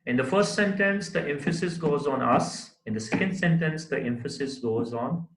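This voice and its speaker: A fairly high, fairly bright voice guides this recorded classroom lesson on formal letter writing at a moderate pace. The man writes on the board while explaining step by step, using many fillers and often checking "right?". The audio is reverberant and low quality.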